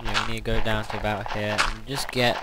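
A man's voice: lowish voice, little pitch movement, a little fast, very noisy. A sleepy man giving casual gameplay commentary, hesitant and rambling with many fillers. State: sleepy, yawning.

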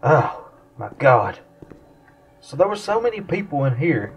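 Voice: mid-range voice, sing-song, measured pace, distant mic. A gamer giving let's-play commentary on a horror game, pleading and laughing nervously at the scares.

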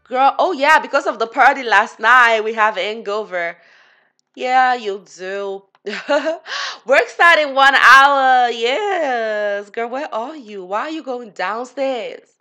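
A woman's voice: fairly high pitch, slow, sharp tone, soft background music. A woman giving casual gameplay commentary, chatty and giggly, talking to her game characters as she plays. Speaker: gaming channel host.

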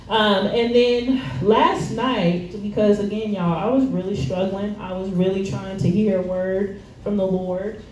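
Woman preaching real casual and slangy, slow-paced, sounds far off the mic in an echoey church. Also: mid-range voice, fairly even intonation, darkish tone. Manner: slangy, conversational preaching with frequent fillers and laughs. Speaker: speaker at a church service. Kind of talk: casual sermon. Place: church hall. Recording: echoey room, voice far from the mic, faint noise.

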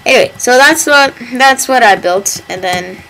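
Woman gamer host, bright and crisp-edged tone, playful rambling commentary. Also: on the high side, lively intonation, moderate pace, slight background noise, rough recording. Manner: playful, rambling, mock-dramatic asides. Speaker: gameplay video host. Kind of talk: casual gameplay commentary.

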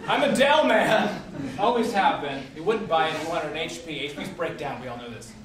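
High-voiced deadpan man on stage. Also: fast, a loud crowd. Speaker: improv performer. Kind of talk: live improv comedy scene. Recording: echoey hall from far off, loud audience.

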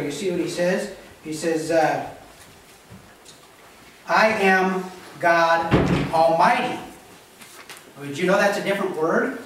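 A man's voice: a little high, fairly bright tone, slight background noise. A male pastor giving a conversational teaching sermon and checking in with his congregation as he reads scripture. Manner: conversational teaching, often asking "Okay?". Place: church sanctuary. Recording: echoey room mic from a distance.

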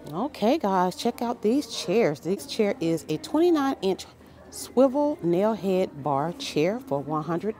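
A woman with a fairly low, warm voice films a casual vlog while walking through a big indoor furniture store. As a shopping vlogger, she gushes enthusiastically about each item and exclaims a lot.

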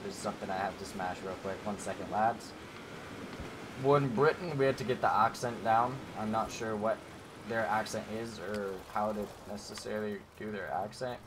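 A man's voice: fairly low pitch, normal speed, noisy background. A man casually commenting over gameplay as a gaming YouTuber, rambling and chatty with many fillers, talking straight to his viewers. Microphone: desk microphone.

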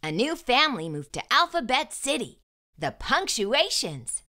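Woman storyteller for children, somewhat high, animated, bright tone. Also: unhurried. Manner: animated, sing-song. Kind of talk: picture book read aloud.

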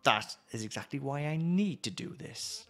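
A man's voice: fairly high pitch, very animated, moderate pace, faint music behind. A man reading the lines of a determined young woman climber, earnest and defiant, close to his own voice.

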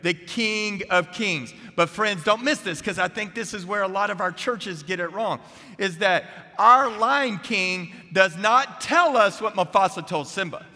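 A man preaching a chapel sermon, energetic and humorous, who keeps putting questions to the crowd. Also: high voice, unhurried. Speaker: guest preacher. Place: seminary chapel. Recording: echoey chapel hall.

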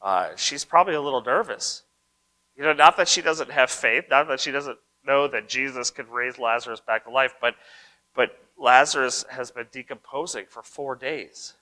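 A male pastor preaches conversationally, reading scripture aloud, commenting on it, and often checking in with a quick "right?" His mid-range voice has a sharp tone, and the audio quality is poor.

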